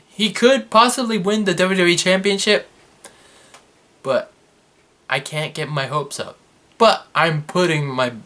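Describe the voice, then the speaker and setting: A young man recaps a wrestling episode in an unhurried, chatty way. His voice swings widely in pitch as he gets excited or sarcastic. He sounds like a fan ranting to his viewers. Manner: excitable, sarcastic, fluctuating energy. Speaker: wrestling review vlogger. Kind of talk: casual recap commentary.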